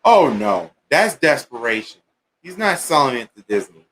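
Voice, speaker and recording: A man hosting a casual livestream, chatting and ranting in an animated, exasperated way. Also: medium pitch, moderate pace, a little hiss or hum. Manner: animated, exasperated rants with bursts of singing. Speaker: livestream host.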